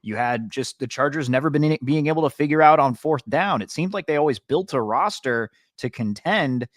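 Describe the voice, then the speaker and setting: A man's voice: mid-range voice, lively intonation, a little fast, dry recording, clean studio sound. A man from Britain co-hosting a podcast, giving rambling, self-correcting sports opinions in casual chat. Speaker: podcast co-host.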